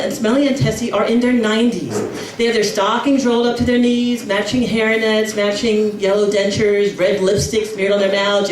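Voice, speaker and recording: A brash middle-aged woman doing stand-up in a comedy club, her voice swinging widely up and down as she tells her story. She sounds a little far from the mic in an echoey room, and a crowd laughs loudly behind her. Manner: brash, jumps into shrill squealing character voices for relatives.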